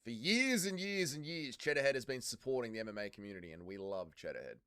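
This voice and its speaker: Here a man hosts a live watch-along stream, reading the chat aloud, joking crudely, cursing without restraint and addressing folks as "mate." He talks fast at a medium pitch with big swings in intonation, and his tone is clear, resonant and slightly bright.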